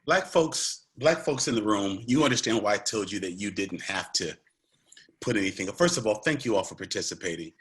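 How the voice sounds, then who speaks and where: A man's voice: fairly low pitch, animated, a little fast, a bit bright, a little hiss or hum. A man giving an earnest, conversational online presentation, talking directly to a large audience and emphasizing key points.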